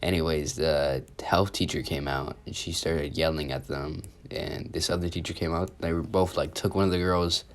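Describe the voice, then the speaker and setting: A man's voice: a bass voice, steady tone, normal speed, few pauses, a little hiss or hum. A sick man with a sore throat and sniffles, rambling casually through a story from school. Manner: rambling, casual with many fillers. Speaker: youtuber. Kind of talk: storytime vlog.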